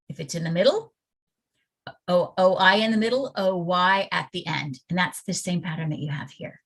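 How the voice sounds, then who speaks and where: Woman teacher, unhurried pace, spells out letter sounds for parents over a video call. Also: medium pitch, a bit bright. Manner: slow, deliberate, sounds out letters and vowel sounds. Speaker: reading teacher presenting to parents. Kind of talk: online parent workshop on phonics. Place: home or classroom at computer, presenting slides.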